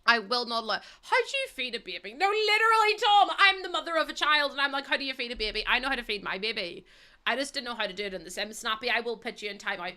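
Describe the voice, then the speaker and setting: A woman's voice: on the high side, animated, quick pace, sharp tone. A young woman livestreaming a life-sim game, chatting casually to her viewers and the game characters and laughing often. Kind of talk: casual livestream chat while playing.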